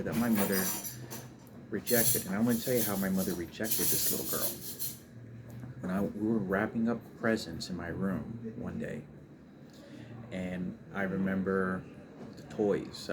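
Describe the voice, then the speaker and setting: Low-voiced man rambling through a family story. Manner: rambling, emotional, frequent restarts and fillers. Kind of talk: personal storytelling monologue. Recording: noisy background ambience.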